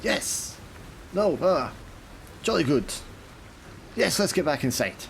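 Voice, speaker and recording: A man's voice: a little high, very animated, slow, vocal fry, fairly bright tone, a little hiss or hum, voice pushed up, exaggerated voice. A man voicing a blustering, drunk old male sea captain who rants with old-fashioned exclamations.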